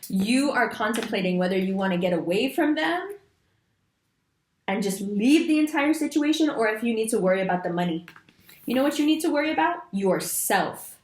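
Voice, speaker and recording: A woman giving a monthly astrology reading, talking straight to her viewers in an animated, emphatic way with casual slang. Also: medium pitch, roomy sound. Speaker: astrology reader. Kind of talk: monthly horoscope reading to camera.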